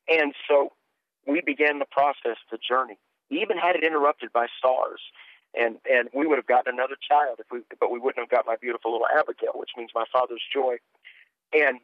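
A man's voice: mid-range voice, no echo. A male minister speaks with fervent conviction, his voice carried in earnest, preacher-like waves as he tells his story. The sound is thin and boxed in like a phone line, with a dry, close feel and no room around it. He presses on with heartfelt urgency. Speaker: minister and guest. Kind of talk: fervent testimony and prophetic ministry.

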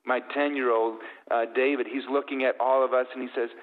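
Speaking a little fast in a level, mid-range tone, this middle-aged guest tenderly and earnestly tells an emotional story of faith. His audio comes through thin, like a phone, trailed by long reverb.

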